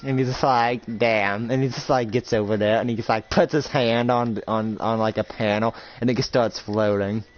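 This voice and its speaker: A man's voice: medium pitch, fairly even intonation, normal speed, hardly any pauses, highs cut off. Rambling young man narrating a role-play. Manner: rambling, filler-heavy narration. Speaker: game master.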